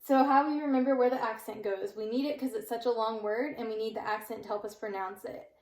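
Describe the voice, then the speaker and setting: A young woman tutor with a slightly high voice talks through a grammar lesson patiently, step by step. She slows right down to spell out each example, and the room around her rings with echo. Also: fairly even intonation. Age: young adult.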